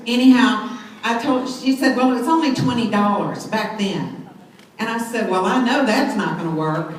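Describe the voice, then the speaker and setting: A woman's voice: on the high side, moderate pace, distant mic. A middle-aged woman, telling an enthusiastic story to a crowd at a sales event. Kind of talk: motivational talk on stage. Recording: very echoey hall, mic set back, faint noise.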